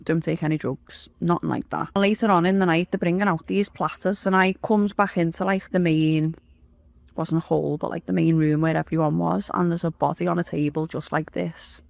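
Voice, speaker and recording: Woman, interview guest, blunt and sweary storytelling, gravelly voice, dry close sound. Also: on the low side, steady tone, moderate pace, darkish tone, dry recording. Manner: blunt, swears often, rambling. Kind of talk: dramatic personal storytelling.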